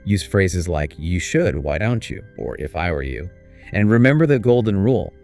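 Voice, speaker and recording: Man, very low voice, scripted lesson co-host, clear encouraging delivery. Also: big pitch swings, normal speed, darkish tone, soft background music. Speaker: co-host of an English speaking course.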